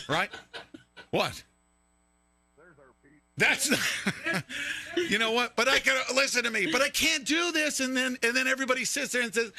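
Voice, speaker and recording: Fiery male host, high and very bright, gravelly, lively pitch swings, loud and mocking, dry close mic. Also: normal speed, no echo. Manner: loud, riffing, mocking and sing-song. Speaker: show host. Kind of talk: fiery live-stream commentary.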